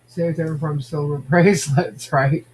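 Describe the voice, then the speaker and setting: A man's voice: a little high, steady tone, measured pace, darkish tone, breathy edge. Chatty man hosting a podcast. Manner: chatty, reacting to viewer comments. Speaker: podcast host. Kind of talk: casual gossip chat.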